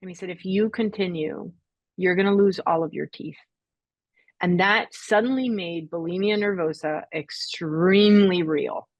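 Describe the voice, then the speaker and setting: A middle-aged woman telling her personal story as a podcast guest, reflective and halting, with tearful moments. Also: fairly low pitch, no echo, lo-fi sound.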